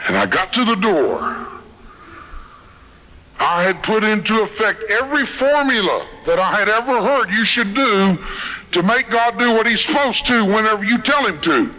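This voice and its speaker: A man's voice: high-pitched, animated, moderate pace, bright, forceful tone, rough recording. A man sharing a personal testimony with a live audience in a folksy, earnest storytelling way. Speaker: speaker sharing his testimony.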